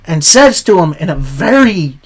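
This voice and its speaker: A man hosting a casual wrestling recap. He speaks at an unhurried pace and retells the show's promos in his own words. He reacts openly with surprise. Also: a little high, very animated, slightly rough. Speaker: wrestling show recap host.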